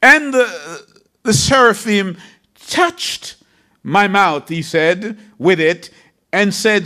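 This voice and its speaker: A man's voice: sits high, animated, extremely slow, bright, forceful tone. A man preaching a sermon, reading scripture in a dramatic, emphatic way.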